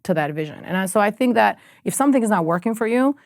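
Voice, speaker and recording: A woman music executive as a podcast guest, telling animated stories in a casual chat with quick restarts. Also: mid-range voice, no echo, studio quality.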